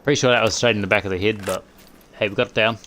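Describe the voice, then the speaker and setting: A man's voice: lowish voice, fairly even intonation, very fast, a bit bright, slight background noise. A man streaming live, giving casual running commentary as he plays a hunting game, muttering and thinking aloud as he goes.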